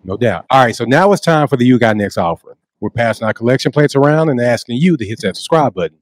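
Male co-host, animated promo read, preacher flavor, dry close sound. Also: mid-range voice, fast talker, no room sound. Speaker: show co-host. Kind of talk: scripted channel promo read.

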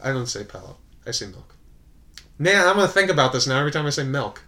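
A man co-hosting a casual podcast chat, animated and playful, laughing often and teasing his friends. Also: medium pitch, quick pace. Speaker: podcast co-host.

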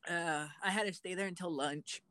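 A young man chatting casually as co-host, telling animated stories that poke fun at himself. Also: high-pitched, normal speed. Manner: self-mocking, animated storyteller. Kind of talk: casual chat.

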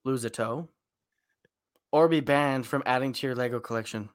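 A man co-hosting a casual podcast chat, animated and cursing casually. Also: mid-range voice, no echo, clean studio sound. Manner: animated, swears casually, quick reactions. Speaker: podcast co-host.

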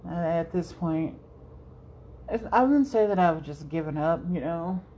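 A young woman talks slowly through a casual solo podcast, rambling, cursing and laughing as she goes. Her voice sits a little low and mellow, with a faint hum of room ambience behind her. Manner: rambling, swears freely, laughs often. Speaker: podcast host.

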